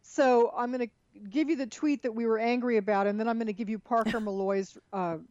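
A woman's voice: fairly high pitch, steady tone, brisk, a little mellow, dry recording. A woman co-hosting a casual political podcast, chatting and reading quotes aloud with many fillers and restarts. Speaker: podcast co-host. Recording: dull lo-fi sound, dry.

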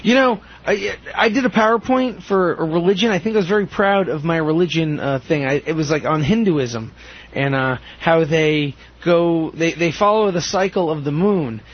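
A young man in his twenties with a high, husky voice hosts a casual chat. He rambles and laughs a lot. The recording sounds dull and lo-fi. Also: normal speed.

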